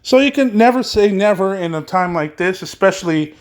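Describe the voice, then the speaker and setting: A man's voice: sits high, lively intonation, brisk. A man hosting a solo wrestling podcast, reading news in a casual, rambling way with many fillers and some swearing.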